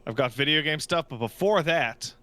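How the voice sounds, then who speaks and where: A man hosting a podcast, telling a story in a casual, exasperated and animated way. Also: a little high, normal speed, dry recording. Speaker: podcast host.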